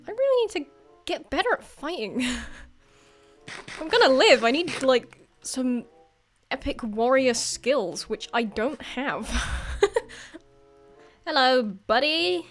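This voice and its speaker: High-voiced, unhurried woman gamer. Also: faint music behind. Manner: chatty, excitable, laughs often, talks to the game's creatures. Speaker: gaming YouTuber. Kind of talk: casual gameplay commentary.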